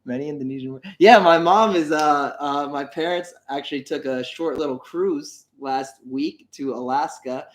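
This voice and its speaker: A man's voice: a little high, normal speed, hardly any pauses. A young man co-hosting a travel channel livestream, talking casually in a rambling, chatty way. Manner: chatty, rambling, many fillers and restarts. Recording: roomy echo.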